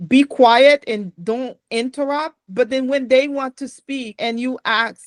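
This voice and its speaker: A woman's voice: high voice, measured pace, no room sound. A woman hosting a podcast, talking in an earnest, reflective way. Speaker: podcast host. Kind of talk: casual podcast conversation.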